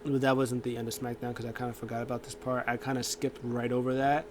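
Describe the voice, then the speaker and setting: A man's voice: medium pitch, flat delivery, fast, a little hiss or hum. A man hosting a casual show, rambling through a recap with lots of fillers and acted-out quotes. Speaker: show host.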